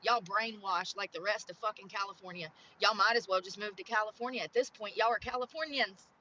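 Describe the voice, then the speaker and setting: A young woman from North Carolina with a Southern accent, chatting excitedly and swearing as she films herself outdoors on a phone. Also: medium pitch, fairly quick, lo-fi sound, slight background noise. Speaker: IRL streamer. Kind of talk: casual outdoor vlog chatter. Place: outdoors on a coast.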